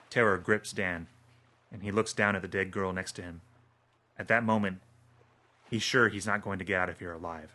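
A man reading a horror story aloud in a steady, measured way. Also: low-pitched. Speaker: narrator. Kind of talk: scripted horror narration.

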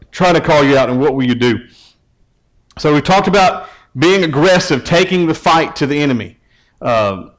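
A man with a medium-pitched voice preaches a casual, conversational sermon as a youth pastor, often repeating words as he begins his phrases. The recording is rough.

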